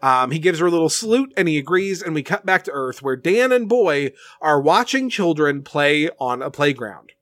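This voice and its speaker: Male podcast host, fairly high voice, dry close sound, animated, sarcastic recap. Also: moderate pace, few pauses, no room sound. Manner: animated, sarcastic, swears freely. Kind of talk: casual episode recap.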